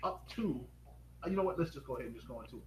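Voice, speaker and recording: A man hosting a live stream pitch, upbeat and quizzing viewers with rapid questions. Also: animated. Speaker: host. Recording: echoey room with faint noise.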